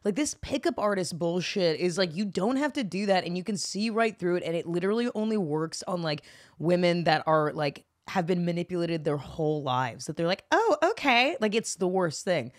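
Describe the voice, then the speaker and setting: A woman's voice: on the low side, expressive, a little fast, darkish tone, no room sound, clean studio sound. A woman co-hosting a podcast in casual, blunt, profane chat, telling stories with animation. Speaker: podcast co-host.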